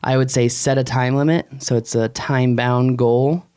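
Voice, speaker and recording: A man in his thirties talks through business advice on a casual podcast. His delivery is animated and emphatic, and his pitch sits in an ordinary middle register. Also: moderate pace, clear, resonant tone. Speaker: podcast co-host.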